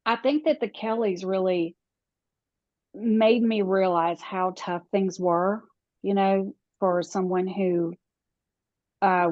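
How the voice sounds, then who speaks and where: A woman's voice: fairly low pitch, darkish tone, dry recording. A woman working as a relocation guide, talking casually in an interview, chatty with frequent restarts and laughter. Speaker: real estate relocation guide. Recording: dry, dull lo-fi audio.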